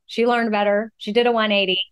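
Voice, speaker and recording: A woman's voice: mid-range voice, steady tone, a little fast, clear, resonant tone. A woman hosting a podcast, introducing her guest and asking questions in an encouraging, emphatic way. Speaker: podcast host. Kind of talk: casual podcast interview.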